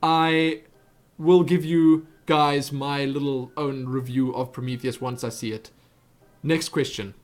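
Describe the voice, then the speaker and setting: A man's voice: medium pitch, steady tone, slow. A young man with a South African accent chatting through viewer questions on his webcam vlog, rambling with lots of asides and self-corrections. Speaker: YouTube host answering viewer questions. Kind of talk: casual Q&A vlog chat.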